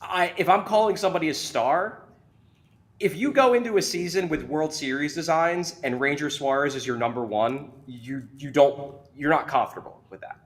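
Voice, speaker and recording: A man's voice: fairly high pitch, normal speed. A man guesting on a sports talk show, arguing his point emphatically and often repeating himself. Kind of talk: casual sports debate.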